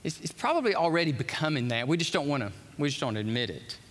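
A man's voice: fairly high pitch, very animated, quick pace, a bit bright. A man preaching a live sermon to a congregation, impassioned and repeating words as he gets worked up. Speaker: pastor. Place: church hall with congregation. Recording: long reverb of a large hall.

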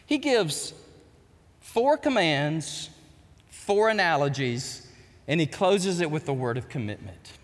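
A middle-aged male pastor preaching an impassioned sermon, swinging from shouts to quiet storytelling. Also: a little high, very animated, slow. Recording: long hall reverb.

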